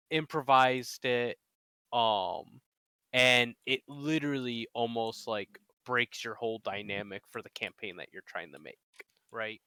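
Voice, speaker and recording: A male co-host in a casual chat, hesitant and full of fillers. His voice is bright and smooth, dry on a close mic. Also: mid-range voice, dry recording. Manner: relaxed, hesitant with many fillers. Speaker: podcast co-host, dungeon master.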